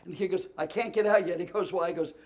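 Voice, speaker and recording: A man telling comic stories as a talk show guest, animated, stumbling over restarts and laughing through punchlines. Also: high voice, fast. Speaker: comedian and guest. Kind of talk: storytelling chat.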